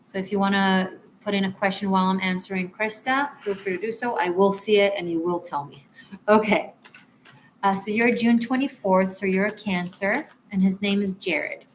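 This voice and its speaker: A woman's voice: medium pitch, steady tone, normal speed, slight background noise. A woman tarot reader on a live stream, chatting with viewers and apologizing as she gives readings.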